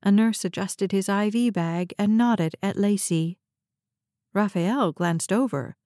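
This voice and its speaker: A woman narrating a novel in a steady, even storytelling read, close to the mic. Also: medium pitch, measured pace, no room sound. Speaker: audiobook narrator. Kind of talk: scripted narration.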